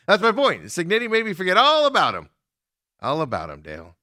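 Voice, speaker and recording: A man's voice: high voice, moderate pace, no room sound, studio quality. A middle-aged man hosting a sports radio show, telling stories in casual chat and laughing often. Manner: animated storyteller, laughs often. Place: radio studio.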